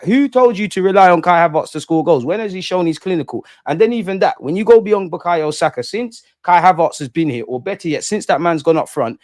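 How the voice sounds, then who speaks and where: A young man with a fairly high voice hosts a casual fan channel livestream, recorded at studio quality with no echo. Animated, he reads chat comments and swings between ranting and joking with his chat.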